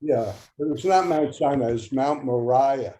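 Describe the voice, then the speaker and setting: A male comedian guest bantering with the host in an animated, needling way. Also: mid-range voice, unhurried, rough recording.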